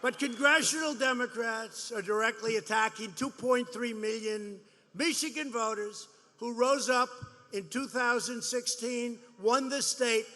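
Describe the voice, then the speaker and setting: A man's voice: extremely high pitch, measured pace, sharp tone, in a large hall. A man in his seventies giving a rambling, boastful, mocking campaign rally speech, repeating his phrases. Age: 70s. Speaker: politician speaking at a rally. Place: large rally venue.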